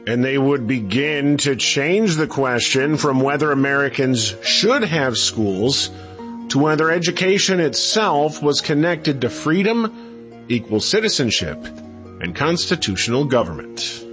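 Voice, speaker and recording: A man co-hosting a radio show, reading scripted narration in an expressive, emphatic way. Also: medium pitch, unhurried, soft background music. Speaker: co-host, narrator.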